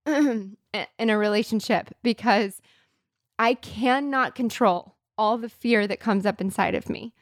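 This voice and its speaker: A woman co-hosting a podcast, telling a personal story in an earnest, halting way with restarts. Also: medium pitch, no echo, studio quality. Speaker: podcast co-host.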